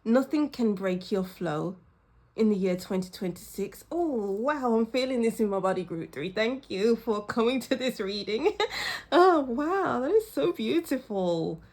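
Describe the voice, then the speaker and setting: Giggly woman giving an excited tarot reading. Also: a little high, unhurried. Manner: giggly, exclamatory, frequent bursts of laughter. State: a little ill and tired. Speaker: tarot reader. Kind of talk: intuitive tarot reading to camera.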